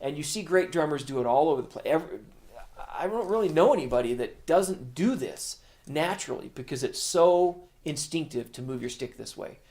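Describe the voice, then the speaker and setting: A man's voice: fairly high pitch, lively intonation, brisk, darkish tone. A middle-aged man teaching a drum lesson, explaining patiently in plain words and counting beats aloud. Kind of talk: instructional video lesson.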